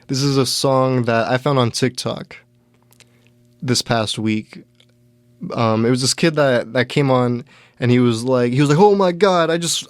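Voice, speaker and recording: A man's voice: medium pitch, no echo. A young man hosting a podcast, casually telling a rambling, self-deprecating story full of fillers and restarts. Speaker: podcast host.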